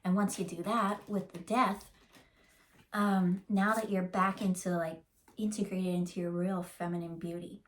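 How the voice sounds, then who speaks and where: A woman giving a casual channeled tarot reading, rambling and emotional, with many fillers, and slowing down to stretch out key words. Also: fairly low pitch, little pitch movement. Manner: rambling and emotional, full of likes and ums, slows to drag out key words. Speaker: tarot reader.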